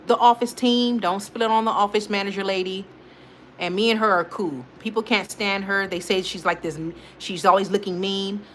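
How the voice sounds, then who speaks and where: A woman's voice: on the low side, a little hiss or hum. A woman hosting a casual live stream, rambling animatedly in slang-heavy speech and talking straight to her viewers. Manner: rambling and animated, talks straight to viewers, frequent laughs and restarts. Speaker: host of a weekly live check-in stream.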